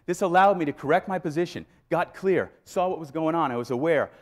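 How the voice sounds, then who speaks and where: Male keynote speaker, fairly high voice, animated live storytelling. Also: brisk. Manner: animated, acts out scenes and voices. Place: live event before an audience.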